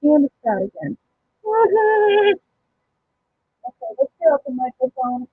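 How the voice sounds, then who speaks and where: A woman's voice: high voice, big pitch swings, slow pace, no room sound. A chatty woman hosts a casual craft live stream from home. She reads viewer comments aloud and laughs easily. Her voice comes through a dull home mic in a dry, close space. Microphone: home microphone.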